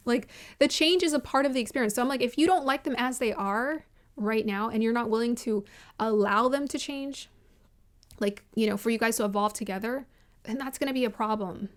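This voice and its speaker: A woman's voice: on the high side, normal speed. A woman vlogger giving casual, opinionated commentary on a reality show, emphatic and repeating her points, often laughing.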